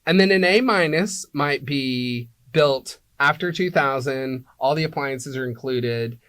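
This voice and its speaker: A man's voice: mid-range voice, measured pace, fairly bright tone, dry recording. Teacherly man explaining, dry sound. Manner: teacherly, checks in with "right?" and "okay?". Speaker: apartment locator. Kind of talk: interview guest explaining.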